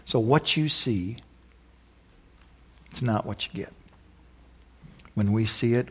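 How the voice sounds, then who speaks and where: Exuberant rambling pastor, whooping. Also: male voice, fairly low pitch, slow, long pauses, husky. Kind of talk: sermon with closing prayer.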